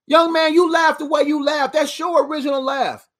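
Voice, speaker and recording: A woman's voice: high voice, animated, fairly quick. A woman giving faith-based motivational preaching straight to camera, emphatic and repetitive in a conversational way, laughing at her own jokes. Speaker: motivational speaker.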